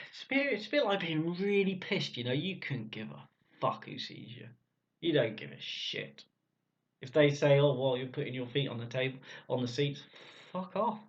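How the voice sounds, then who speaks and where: A gruff man telling his own story bluntly, swearing freely in casual speech. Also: mid-range voice, a bit bright. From Cornwall, England. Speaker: vlogger. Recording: dull lo-fi sound.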